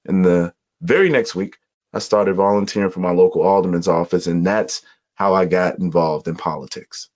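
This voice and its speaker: Low-voiced man recounting his story, lo-fi. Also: fairly even intonation, normal speed, darkish tone. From Chicago, USA. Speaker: podcast guest. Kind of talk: telling his life story in an interview. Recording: dull lo-fi audio.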